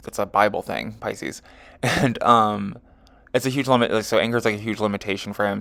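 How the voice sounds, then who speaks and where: This male astrology and tarot reader sits on the low side, with vocal fry and a slightly bright edge. He rambles casually through a chart reading, leaning heavily on fillers like "um" and "you know" and stopping to correct himself.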